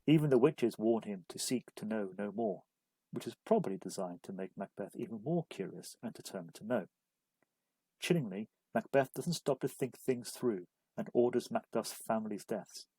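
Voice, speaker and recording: A man reads a scripted study-guide lesson in a measured, even way. His voice is mellow and a little husky, and the recording is dry and close. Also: lowish voice, dry recording, low-quality recording. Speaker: literature explainer. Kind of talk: scripted narration.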